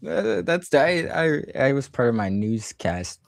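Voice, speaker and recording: Lively man chatting on a dry mic. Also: medium pitch, measured pace, creaky, no room sound. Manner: animated, loose and profane. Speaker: podcast co-host. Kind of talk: casual chat.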